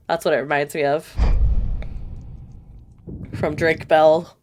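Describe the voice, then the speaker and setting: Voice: mid-range voice, very animated, unhurried, long pauses, darkish tone, slight background noise. Chatty let's-play commentator. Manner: chatty, joking asides. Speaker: gameplay streamer.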